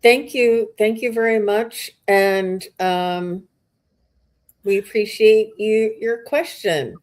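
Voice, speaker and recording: A woman hosting a live mediumship reading, relaying messages slowly with halting pauses. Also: medium pitch, fairly even intonation, darkish tone. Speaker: psychic medium host.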